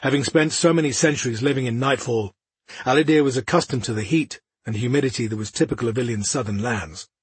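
A man narrating a fantasy audiobook in a steady, measured reading style. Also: mid-range voice, slightly rough, no room sound.

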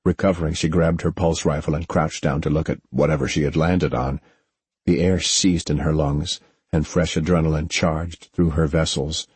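A man reading a story aloud as a narrator, in a steady, measured way. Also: a bass voice, husky, no echo. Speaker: audiobook narrator. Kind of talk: scripted narration.

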